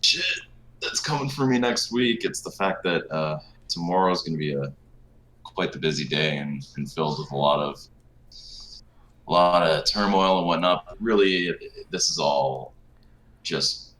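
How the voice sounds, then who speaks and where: A man's voice: a bass voice, fairly bright tone, low-quality recording. A man with a Canadian accent chatting on a podcast in a laid-back way, laughing often. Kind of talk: casual chat.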